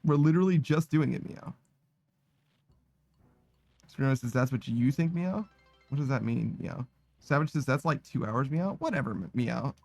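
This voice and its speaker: Soft music sits behind a dry recording of a man streaming live, tired but relaxed, reading viewer comments and ending most sentences with "meow." His medium-pitched voice is animated yet creaky and darkish, at a normal speed with long pauses. He laughs and swears frequently throughout.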